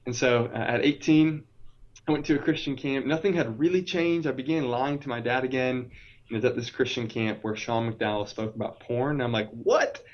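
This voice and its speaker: A man's voice: mid-range voice, steady tone, a little fast, highs cut off. A man in his late twenties, a podcast guest, telling a personal testimony in an earnest, emphatic way. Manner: earnest, emphatic, vivid retelling.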